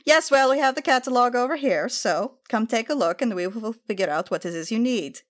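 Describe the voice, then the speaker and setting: A woman's voice: fairly high pitch, lively intonation, brisk, pitched above the performer's own voice, natural voice. A woman voicing a posh, fussy female dwarf dressmaker in a tabletop game. She speaks condescendingly and calls the customers "darling.". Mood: businesslike.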